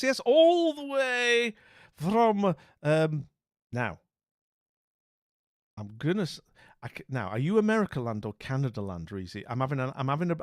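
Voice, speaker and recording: A man's voice: a little high, no room sound, clean studio sound. A man hosting a live stream in casual chat, jovial and rambling, greeting viewers with theatrical exclamations.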